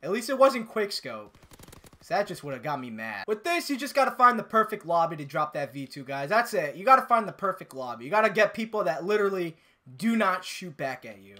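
Young male gamer, bright lively voice, jumpy and profane play-by-play commentary. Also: high voice, brisk. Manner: excitable, swears freely, bursts into yells. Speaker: gamer and channel host. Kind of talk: live gameplay commentary.

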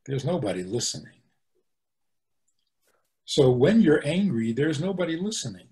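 A man, a rabbi, giving an animated teaching talk, posing rhetorical questions and answering them himself. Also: fairly high pitch, measured pace. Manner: animated, acts out the angry voices he quotes.

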